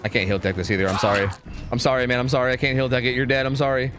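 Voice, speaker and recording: A man streaming a game, chatting excitedly and swearing as he talks to his teammates and viewers. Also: medium pitch, very fast, music in the background. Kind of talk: live gameplay commentary.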